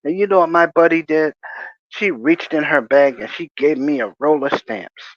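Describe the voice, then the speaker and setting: A man's voice: a little high, normal speed, no room sound. A man hosting a casual livestream, rambling through jokey stories with chuckles. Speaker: livestream host. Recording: dry, muffled lo-fi audio.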